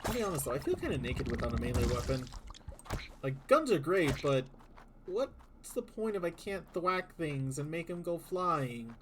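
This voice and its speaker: A man's voice: on the high side, very animated, moderate pace, noisy background. A man giving live commentary while playing a video game, exclaiming, groaning and muttering at what happens on screen. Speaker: streamer. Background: game music.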